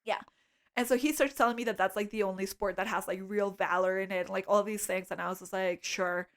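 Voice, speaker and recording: A woman from Canada co-hosting a podcast, telling a story in a casual, animated way with lots of fillers and laughter. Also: medium pitch, brisk. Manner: animated storytelling, frequent "like", laughs mid-sentence. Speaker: podcast co-host.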